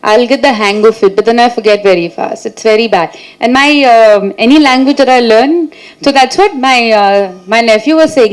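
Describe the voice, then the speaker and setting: A woman's voice: a little high, moderate pace, poor audio. Chatty, playful woman actress. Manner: chatty, playful and laughing, lots of fillers and restarts. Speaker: actress at a film press meet. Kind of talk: casual press-meet answers.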